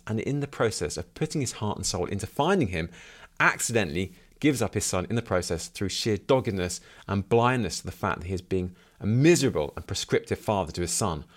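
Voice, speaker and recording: A man hosting a book podcast, musing reflectively on a novel and asking himself questions as he goes. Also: on the low side. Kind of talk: book review monologue with read-aloud passages.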